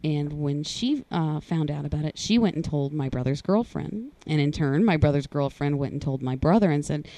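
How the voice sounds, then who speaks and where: Low-voiced woman recounting earnestly. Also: expressive, warm tone, no echo. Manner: earnest, halting, rises in pitch when voicing others. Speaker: guest sharing personal story. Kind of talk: personal testimony in conversation.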